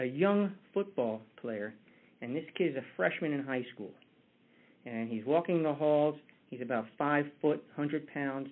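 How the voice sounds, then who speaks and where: A man giving a conversational motivational talk with a story, often restarting his words. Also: medium pitch. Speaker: motivational speaker. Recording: tinny phone-like line.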